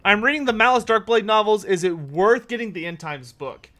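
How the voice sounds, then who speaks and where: With a high-pitched, pushed, bright voice and a brisk pace, a man streams a strategy game. His commentary is casual as he talks through his thinking and takes questions from viewers.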